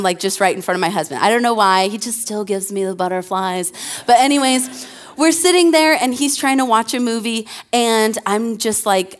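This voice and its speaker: A young adult woman pastor giving a conversational sermon into a handheld mic, telling stories with plenty of fillers and self-deprecating asides. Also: mid-range voice.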